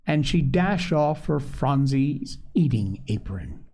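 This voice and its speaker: A man reading a children's story aloud, gentle, expressive and unhurried. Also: medium pitch, breathy edge.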